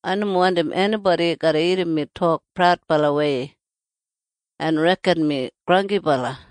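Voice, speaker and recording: A reader with an Australian Kriol accent, reading scripture aloud in a steady, earnest recitation. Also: medium pitch, normal speed, smooth, no echo.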